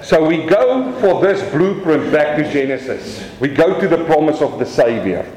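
A man with a South African accent preaching a lively sermon from the pulpit. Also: on the high side, normal speed, reverberant, a crowd in the background, low-quality recording. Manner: animated preaching, swings from quiet to raised. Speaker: pastor.

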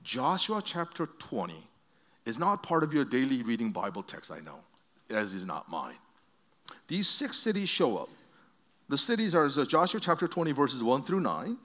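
A man's voice: medium pitch, sing-song, moderate pace, bright, forceful tone. A man preaching a conversational sermon to a congregation, telling stories and asking questions, with frequent restarts. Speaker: pastor.

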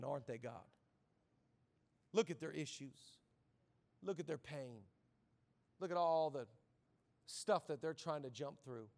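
A man voicing a smug, self-righteous Pharisee praying in a hushed, condescending tone. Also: sits high, full character voice.

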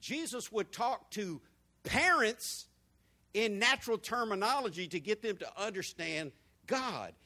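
A high-voiced man delivers a sermon. He asks the congregation question after question, climbing in pitch and volume on the repeated phrases, then sinking to a low murmur. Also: animated, a little slow, bright, forceful tone. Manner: preaching with big swings in pitch and volume, rhetorical questions to the congregation. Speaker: pastor.

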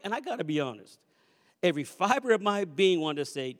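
High-voiced preacher telling a story. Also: male voice, fast, long reverb tail. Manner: animated storyteller who acts out quoted voices; repeats refrains for emphasis. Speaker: pastor. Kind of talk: storytelling sermon. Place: church sanctuary.

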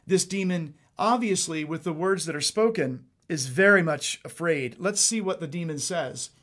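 Emphatic, high-voiced male preacher. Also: normal speed. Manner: emphatic, animated, repeats for emphasis. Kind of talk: sermon teaching.

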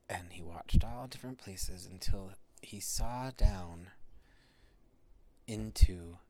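Soft-spoken man telling a bedtime story. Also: on the low side, a little hiss or hum. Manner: soft, half-whispered, pausing.

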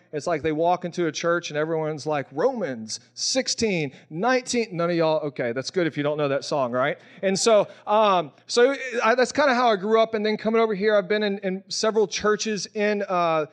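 A young pastor from Mississippi speaks with a fairly high voice. He preaches in a relaxed, conversational way, folding prayer into personal testimony. He is openly emotional and acts out the voices of the people in his stories. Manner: casual, storytelling, emotional, acts out quoted voices.

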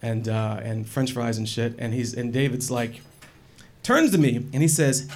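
A man telling a personal story in a wry, animated and profane way. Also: medium pitch, measured pace. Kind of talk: personal story told to an audience.

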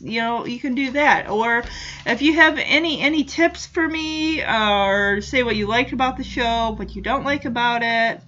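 Chatty bright-voiced woman podcaster. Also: on the high side, highs cut off. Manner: chatty, many "you know" fillers. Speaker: podcast host. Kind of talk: casual episode recap.

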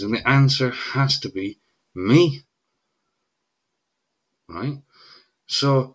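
A man's voice: mid-range voice, very animated, slow pace, pauses often, bright, forceful tone. A middle-aged Irish man, a guest in a casual podcast conversation, explaining a point emphatically and checking in with "right?". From Ireland.

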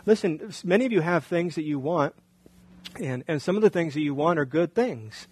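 A man's voice: a little high, lively intonation, fairly quick, a little mellow, slightly rough, poor audio. A male pastor preaching a sermon in a conversational way, often asking the congregation rhetorical questions.

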